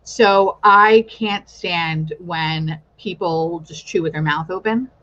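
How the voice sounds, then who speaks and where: Young woman host, casual and profane, quick to laugh; slightly muffled lo-fi audio. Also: on the low side, sharp tone. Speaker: podcast host. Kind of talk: casual chat.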